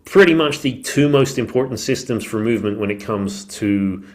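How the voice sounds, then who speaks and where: A man with a slightly low voice that is wearing thin, as though he is losing it, talks through ideas on a solo podcast. He thinks aloud in a loose, conversational way, leaning on fillers as he works through his points. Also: moderate pace. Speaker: podcast host and movement coach. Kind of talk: casual solo podcast talk.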